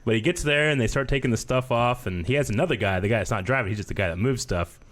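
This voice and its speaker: A man in his thirties, a podcast co-host, telling stories in casual chat and lively voicing other people's lines. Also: fast. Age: 30s. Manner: animated storyteller, does high-pitched voices in quoted speech.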